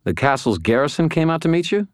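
A man voicing a small, quick and blunt male fae fighter in an audiobook, with a raised, clipped delivery. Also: a little high, big pitch swings, smooth, no room sound, clean studio sound, pitched above the performer's own voice. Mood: brisk.

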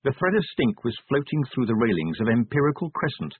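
A man giving a dramatic audiobook narration in a wry, measured storytelling manner. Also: mid-range voice, very animated, husky, no echo. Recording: narrow phone-like dry sound.

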